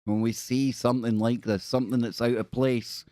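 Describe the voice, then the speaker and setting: A man's voice: medium pitch, flat delivery, moderate pace, warm tone, dry recording, clean studio sound. A man hosting a casual livestream, reading viewer stories aloud with playful, rambling asides and jokey spooky voices. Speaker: livestream host.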